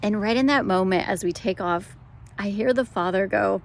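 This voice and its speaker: A middle-aged woman sharing an informal devotional word, gentle and conversational, with frequent fillers. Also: medium pitch, normal speed, gravelly, slight background noise. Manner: warm, gentle, conversational, with fillers and soft laughs. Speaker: speaker sharing a prophetic word.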